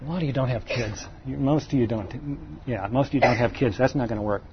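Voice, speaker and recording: A man's voice: medium pitch, a little fast, highs cut off, noisy background. A middle-aged man giving a conversational sermon in a folksy way, asking the audience questions and lifting his voice to stress points. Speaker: preacher.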